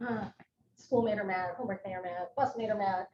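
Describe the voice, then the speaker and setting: A middle-aged woman giving a live educational talk as a nurse presenter, chatty and animated, with personal asides. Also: mid-range voice, fairly quick. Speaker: psychiatric nurse practitioner, presenter. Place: presentation room. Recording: echoey room, distant mic, muffled, faint noise.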